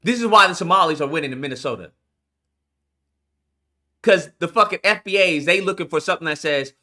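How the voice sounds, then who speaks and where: A man reacting to news clips in profane, animated commentary, incredulous and blunt. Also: a little high, a little fast, long pauses.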